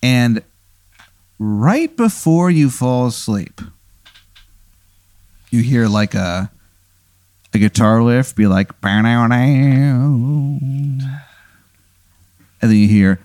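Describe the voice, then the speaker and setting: A man's voice: lowish voice, lively intonation, slow, long pauses, a little mellow, no room sound, studio quality. A man hosting a casual podcast chat, telling a rambling hypothetical story with many fillers. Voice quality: meandering with many uhs and profanity. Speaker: podcast host posing a hypothetical.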